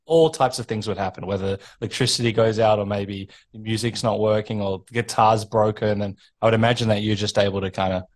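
A man's voice: lowish voice, steady tone, fairly quick, hardly any pauses, a little mellow. Enthusiastic male podcast host. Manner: enthusiastic, laughs and affirms often. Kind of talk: casual interview.

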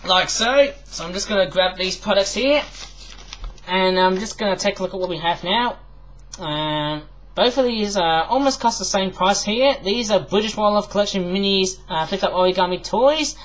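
A man's voice: high-pitched, fairly bright tone, a little hiss or hum, poor audio. A man from the UK reviewing toys in a casual, rambling vlog, chatting with many fillers. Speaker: toy review vlogger.

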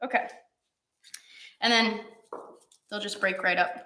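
A woman's voice: mid-range voice, fairly even intonation, takes it slowly, sharp tone, roomy sound. A young woman hosting a live-streamed cooking class, chatty and encouraging with her viewers, teary and sniffly from cutting onions.

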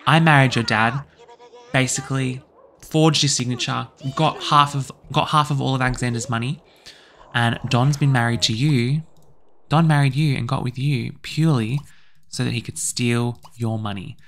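A man's voice: mid-range voice, steady tone, moderate pace, fairly bright tone, close to an everyday voice. A man voicing a scheming gold-digging woman who gloats as she lays out the plot. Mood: smug.

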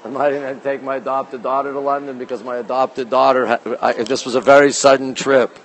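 A man from Canada chatting casually to viewers of a live stream while walking through an art museum, greeting them by name and often talking quietly into a handheld phone. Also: mid-range voice, little pitch movement, a little fast, poor audio. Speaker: livestreamer touring a museum. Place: indoor art museum gallery. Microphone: phone held while walking.

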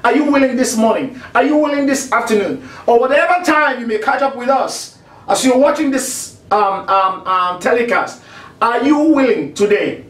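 High-voiced preaching pastor, echoey. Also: male voice, expressive, normal speed, distant mic. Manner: preaching with dramatic drops and rising shouts. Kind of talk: televised sermon.

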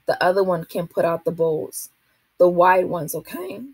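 A woman reading aloud, voicing a gentle, loving mother with a soft, creamy voice. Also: on the low side, fairly even intonation, moderate pace, breathy edge, dry recording.

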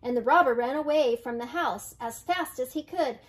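An older woman reading a storybook aloud to children, gentle and unhurried, slowing on dramatic phrases. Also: high-pitched. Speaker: storybook reader.

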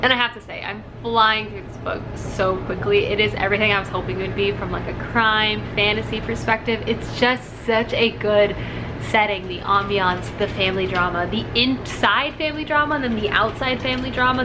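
A young woman talking casually to her camera at home in a chatty, upbeat way, with lots of fillers. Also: on the high side. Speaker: booktube vlogger. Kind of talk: casual vlog chat. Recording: faint background noise.

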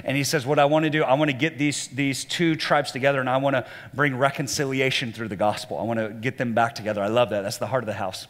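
A man, a lead pastor, preaching a sermon in a church with an animated delivery, sometimes acting out voices he quotes. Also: fast, hardly any pauses. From Southern US. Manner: animated, acts out quoted voices at a much higher pitch. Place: church auditorium. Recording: church hall reverb.

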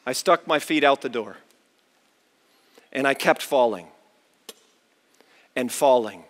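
A pastor preaching a chapel sermon, telling a story with big swings between loud, high bursts and quiet, low asides. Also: male voice, slow. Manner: animated storyteller with wide swings in pitch and loudness. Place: large university chapel. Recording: long reverb of a large hall.

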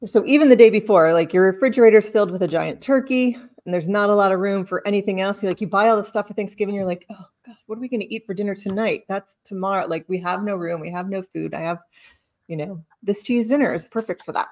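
A woman's voice: medium pitch, fast talker, a little mellow. A woman hosting a casual cheese tasting chat, explaining each cheese with many fillers and self-corrections. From lives in Sicily. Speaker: cheese box host.

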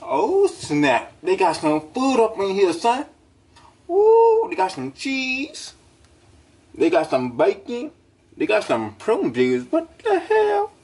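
A young man playing an excitable burglar with a squeaky voice, full of slangy exclamations in a comedy skit. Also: a little slow. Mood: gleeful. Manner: gleeful exclamations, slangy street talk. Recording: roomy and far from the mic.

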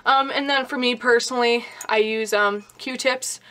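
A woman's voice: fairly high pitch, fairly even intonation, moderate pace, hardly any pauses, background noise. A young woman vlogging in a casual, chatty way, talking with a slight lisp. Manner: chatty, casual, swears offhandedly. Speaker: beauty vlogger. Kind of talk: casual vlog chat.

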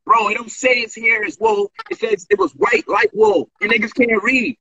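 A man in a heated casual chat over a remote call, boasting about how he handled a debate, animated and profane. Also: very high voice, moderate pace, gravelly, few pauses, slightly rough, dull audio. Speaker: debater discussing a past debate. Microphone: remote call mic.

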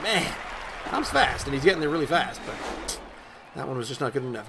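A man giving chatty, excitable let's-play commentary and talking back at the game as he plays. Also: on the high side, a little fast. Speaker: gaming YouTuber. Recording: loud game crowd and ambient noise behind the voice.

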